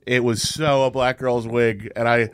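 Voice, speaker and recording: A man's voice: medium pitch, steady tone, normal speed, slight background noise. A man co-hosting a comedy podcast, telling blunt, crude anecdotes in casual chat. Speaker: podcast co-host.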